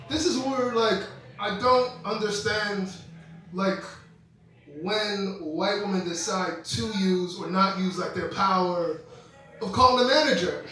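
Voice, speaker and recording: A young man doing stand-up, his voice high and bright as he spins animated stories and slips into quoted voices. He is heard in a very echoey room from a little way off the mic. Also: unhurried, distant mic, a little hiss or hum. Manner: animated storytelling with quoted voices and laughing asides. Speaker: stand-up comedian. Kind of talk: stand-up comedy set. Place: comedy club stage with live audience.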